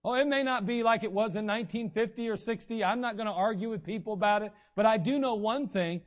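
A man's voice: sits high, quick pace. A man preaching a sermon in a conversational way, acting out the voices of the people he quotes. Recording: dull, lo-fi recording.

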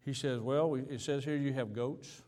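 A male pastor telling a story in a sermon, acting out both sides of a conversation with sudden leaps in pitch. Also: moderate pace. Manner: animated storyteller, acting out dialogue with big pitch jumps. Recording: hall reverb.

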